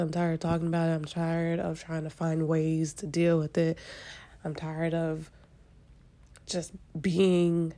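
A tearful woman hosts a solo podcast, venting emotionally in a low, gravelly, dark-toned voice that sounds congested from sinus trouble. Near tears, she speaks haltingly, swearing in frustration, restarting often and trailing off into pauses.

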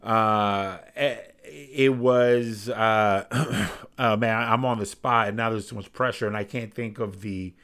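A man's voice: fairly low pitch, fairly even intonation, takes it slowly, a bit bright. A man hosting his own basketball podcast, rambling casually with lots of fillers and self-deprecating asides. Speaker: podcast host. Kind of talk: casual sports talk.

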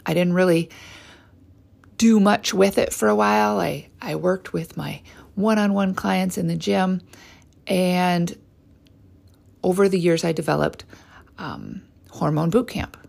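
A woman's voice: fairly low pitch, fairly even intonation, a little slow, vocal fry, long pauses, a little mellow. A woman in her forties, a hormone specialist and trainer, telling a candid personal story in a conversational way with frequent asides to the listener.

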